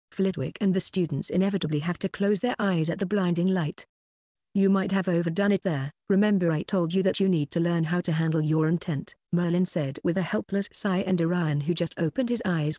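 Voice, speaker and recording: Synthetic audiobook narrator, steady even reading, mid pitch, dry close sound. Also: no echo. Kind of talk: scripted narration.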